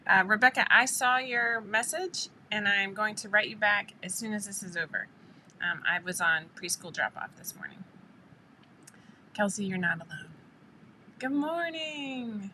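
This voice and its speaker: A woman's voice: mid-range voice, fairly even intonation, moderate pace, pushed and bright, a little hiss or hum, poor audio. A woman hosting a casual live stream who rambles chattily and greets her viewers by name. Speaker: live stream host for a sewing pattern company.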